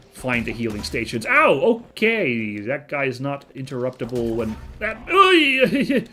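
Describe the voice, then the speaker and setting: A man's voice: medium pitch, a little hiss or hum. A man hosting a casual let's-play video, chatty and thinking aloud with frequent fillers and self-corrections. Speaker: gaming video host.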